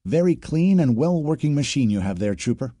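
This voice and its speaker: Man putting on a female alien commander, raised pitch, polite, guarded, storybook. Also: expressive, brisk, dark tone, dry recording, studio quality, close to an everyday voice. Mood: cautious.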